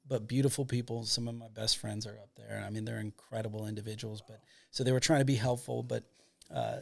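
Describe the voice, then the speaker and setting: A documentary filmmaker from Michigan in the United States, guesting on a podcast, tells a long, rambling anecdote packed with fillers. His voice is low, gravelly and steady, and he speaks briskly.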